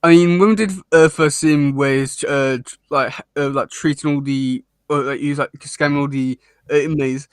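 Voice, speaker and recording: A man co-hosting a casual episode review chat, talking in halting bursts with many restarts and fillers and laughing often. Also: a little high, fairly even intonation, clean tone, no room sound, studio quality. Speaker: podcast co-host reviewing a cartoon episode.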